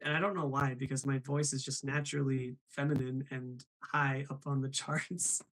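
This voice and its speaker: Man, live show host, bubbly, laughs a lot, reads viewer comments aloud, mid-pitched voice. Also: little pitch movement, moderate pace, a bit bright, rough recording. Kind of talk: live show chat about doing voices.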